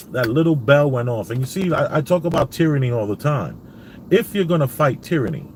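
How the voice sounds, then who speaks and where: A man's voice: fairly high pitch, a little hiss or hum. A man recording a casual vlog from his parked car, telling a long rambling story and replaying conversations with frequent "I says" asides. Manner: rambling, retells dialogue with many "I says" asides. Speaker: vlogger.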